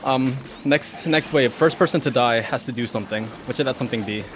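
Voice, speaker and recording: A man's voice: medium pitch, fairly quick, background noise. Playful, teasing young man gaming. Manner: playful, teasing, laughs often. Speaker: guest co-player. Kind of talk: casual gaming banter on stream.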